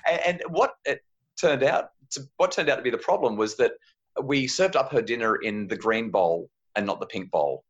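Calm man telling a story. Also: mid-range voice, normal speed, lo-fi sound. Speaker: parenting guest. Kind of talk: storytelling in a podcast chat.

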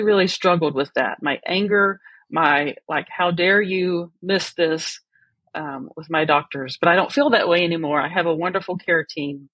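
Husky-voiced woman, earnest and reflective. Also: lowish voice, a bit bright, no room sound. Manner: earnest and reflective, laughs often. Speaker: podcast guest. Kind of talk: personal story in an interview.

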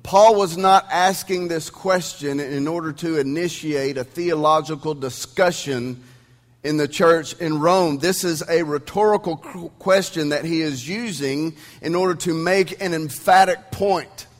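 A man's voice: a little high, a little slow, big-room sound. A man with an East Texan accent preaching a sermon as pastor, emphatic and conversational, leaning on rhetorical questions. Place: church sanctuary. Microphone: sound system.

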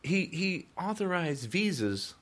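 This podcast host, a man in his sixties, rants about politics in a heated, repetitive way, his voice springing up when he's indignant. It's high-pitched, very animated, and a bit bright, and he takes it slowly.

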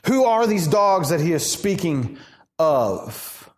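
A high-voiced man preaching a sermon. He speaks in a lively, conversational manner and asks the congregation questions. He slows down for his more serious points. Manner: animated, conversational, acts out quoted voices. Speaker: pastor.

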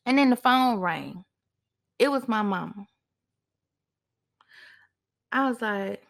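Sharing a personal story on her podcast, a young woman talks in a high voice, unhurried and with long pauses, as though chatting with a friend. Her delivery is animated, rising sharply when she acts out her own past words.

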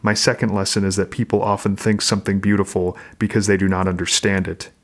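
A man reading aloud the lines of a calm, sharp-tongued young Norse wife from a novel, in his own low voice. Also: fast. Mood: calm, pointed. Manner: calm, quietly pointed.

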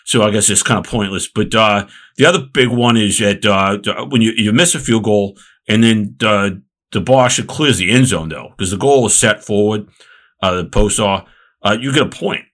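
Male podcast co-host, lowish and bright, jokey, halting delivery. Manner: halting, restarts often, jokey. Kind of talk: casual sports chat.

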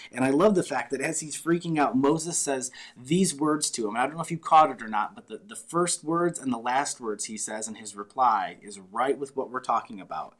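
A man's voice: medium pitch, moderate pace, few pauses. A man preaching a sermon, retelling a scripture story with vivid, dramatic voices for the people in it. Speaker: pastor.

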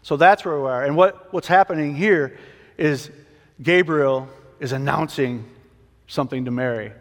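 A man's voice: a little high, moderate pace. A man teaching a Bible passage in a casual sermon, conversational and prone to restarts. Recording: long hall reverb.

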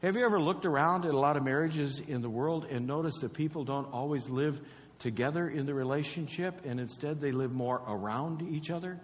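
A pastor giving a conversational sermon, repeating key phrases and quizzing the congregation. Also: male voice, a little high, a little fast, big-room sound.

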